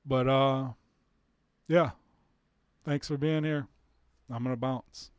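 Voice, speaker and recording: A man at an everyday middle pitch rants to his live stream viewers in a loose, casual way. He swears freely and throws in short laughs, and his voice sounds dry and close with no room around it. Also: fairly even intonation, slow, smooth, no echo. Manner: profane, blunt, laughing asides.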